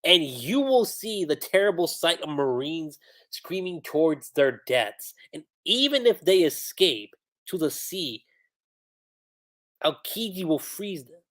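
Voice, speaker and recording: A woman voicing an earnest young male navy captain who declares bold threats in a flat, plain way. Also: low-pitched, takes it slowly, full character voice. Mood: defiant.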